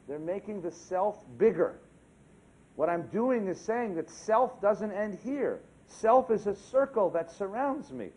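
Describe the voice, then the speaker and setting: A man who is a rabbi giving a sermon during a synagogue service, animated and humorous, often asking the congregation questions. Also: high voice, rough recording.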